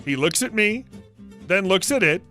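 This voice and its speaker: A man's voice: sits high, animated, moderate pace. A man reading online stories aloud, with chatty asides between them. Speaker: story narrator. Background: soft guitar music.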